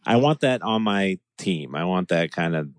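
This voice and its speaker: A man's voice: deep voice, animated, normal speed, no room sound. A man talking in a casual podcast chat, enthusiastic and rambling, with restarts and laughs.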